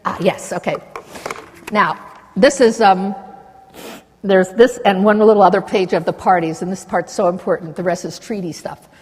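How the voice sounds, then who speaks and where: Older woman, passionate conference speaker, rambling and indignant, mid pitch, long hall reverb. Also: fairly even intonation, moderate pace, pauses often, slightly rough. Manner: passionate, digressive, indignant asides. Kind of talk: impassioned conference lecture.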